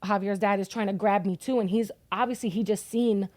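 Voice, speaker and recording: Speaking fairly quickly in a medium-pitched, darkish voice with fairly even intonation, a grieving young mother tells a podcast how her son died. She's blunt and curses frequently as she shares this emotional story, and the audio has no echo.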